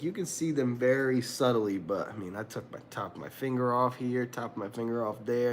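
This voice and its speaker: A young man hosting a livestream, telling a story in a casual, animated way, laughing often and acting out what people said. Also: medium pitch, slight background noise. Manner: animated, laughing often, acts out quoted lines. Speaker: livestream host.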